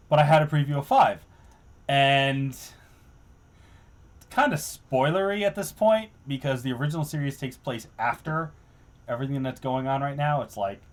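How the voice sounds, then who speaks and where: A man hosting a casual commentary stream, laughing and swearing as he mocks his own old work. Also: mid-range voice. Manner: profane, laughing, self-deprecating. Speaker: stream host.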